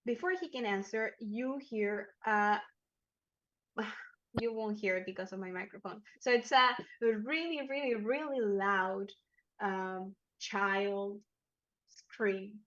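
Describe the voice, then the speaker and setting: A woman's voice: mid-range voice, slow pace, fairly bright tone, muffled recording. A woman narrating a tabletop game as game master, chatty and laughing often.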